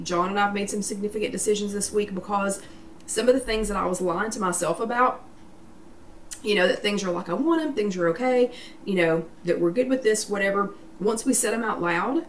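Chatty woman hosting a workshop. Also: mid-range voice. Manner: chatty, encouraging, reads viewer names and comments aloud. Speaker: weight loss workshop host. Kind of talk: live online workshop talk. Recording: echoey room, voice somewhat far from mic, faint background noise.

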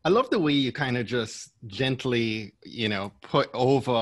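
A man's voice: mid-range voice, animated, normal speed, no room sound. Jamaican-accented guy running a panel, encouraging, dry close sound. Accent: Jamaican, blended after years abroad. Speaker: panel moderator. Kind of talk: moderating a panel discussion.

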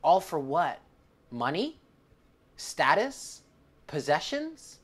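A woman's voice: low voice, very animated, slow pace, breathy edge. A woman giving a tarot reading to viewers, emotional and close to tears, calling the listener honey and swearing freely. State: tearful. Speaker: tarot reader.

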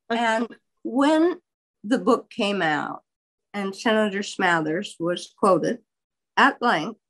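An older woman, a biographer, telling a long story in an interview in a candid, wry and animated way. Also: mid-range voice, rough recording.

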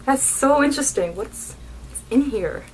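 A young woman vlogging as she unboxes beauty products, gushing and excitable. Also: high voice, moderate pace, slight background noise, low-quality recording. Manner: gushing, excitable, keeps saying oh my god. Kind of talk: unboxing vlog.

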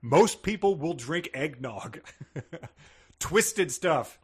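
A man's voice: a little high, animated, extremely slow, slightly rough. A man co-hosting a podcast, chatting wryly about a book and laughing often. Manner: wry, amused, laughing often. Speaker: podcast co-host. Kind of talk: casual comedic book discussion.

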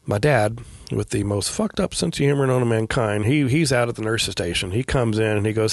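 A middle-aged man telling a personal story as a podcast guest, in a quiet, halting way with many pauses and fillers. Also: lowish voice, no echo. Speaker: guest, veteran paramedic.

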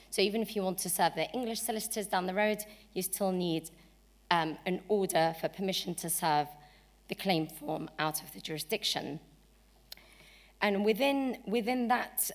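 A woman with a cold and a croaky voice, giving a measured legal seminar talk with frequent ums. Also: lowish voice. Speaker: barrister giving a lecture. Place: lecture hall. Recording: long hall reverb.

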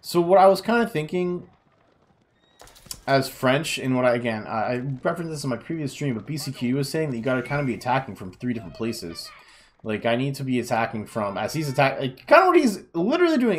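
A young man who makes gaming videos narrates a replay of his own play, tired, yawning, and groaning self-critically at his errors. His voice is medium-pitched, animated, and fairly quick.

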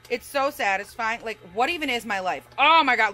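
A bubbly young woman in her twenties chats to her viewers while she bakes in her home kitchen. Her voice sits high and sounds bright and clear. She keeps slipping into goofy, sing-song asides, and the camera propped on the counter picks her up. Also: animated, normal speed, few pauses, soft background music. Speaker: vlogger. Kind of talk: casual baking vlog.

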